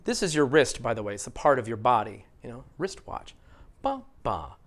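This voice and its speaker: A man's voice: mid-range voice, brisk. A middle-aged American man teaching a spoken English lesson, showing learners how to stress words in sentences. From United States. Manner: lively, models sentences for learners to repeat. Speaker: ESL teacher.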